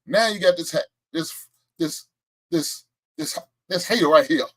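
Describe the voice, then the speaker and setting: Bragging about the predictions he's made, this sports talk show host trades laughs and trash talk with his live-stream chat in a casual setting. He sounds a little high and a bit bright, and he takes his time.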